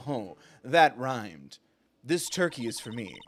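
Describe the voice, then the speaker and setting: A man's voice: medium pitch, sing-song, slow pace, soft background music. A man giving live gameplay commentary as a streamer, with joking, sarcastic asides. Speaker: gaming streamer.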